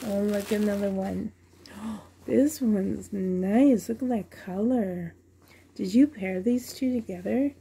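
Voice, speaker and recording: A woman's voice: mid-range voice, slow pace, creaky, dark tone, breathy edge. A woman at home unboxing a doll for her vlog, gushing with delight and often dropping to a whisper. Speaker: reborn doll collector unboxing a doll.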